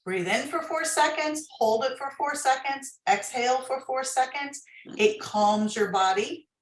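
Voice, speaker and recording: A woman's voice: high-pitched, unhurried, echoey room, rough recording. A woman author, a guest on an interview podcast, explaining advice in a coaching tone. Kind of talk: interview, giving workplace advice.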